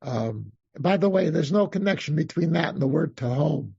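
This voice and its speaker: A man, a rabbi, teaching an interactive Psalms class, reading Hebrew verses slowly and then explaining them while thinking aloud. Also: a little high, expressive, creaky, a little mellow, husky. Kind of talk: interactive text study class. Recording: dull lo-fi class recording.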